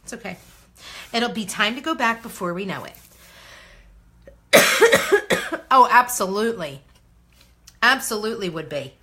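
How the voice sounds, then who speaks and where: Female vlogger, 30s, bright voice, excitable and chatty, hosting a crafting video. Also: medium pitch, unhurried, long pauses. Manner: bubbly, exclamatory, talks to viewers while working. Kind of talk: casual crafting tutorial chat.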